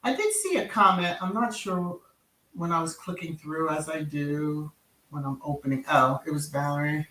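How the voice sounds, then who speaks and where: Woman, middle-aged, livestream host; slow, chatty, laughs easily, echoey room. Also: sits low, expressive, fairly bright tone. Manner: chatty, reacts aloud to viewers, laughs often. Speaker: channel host. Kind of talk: casual livestream chat reading comments. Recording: roomy echo.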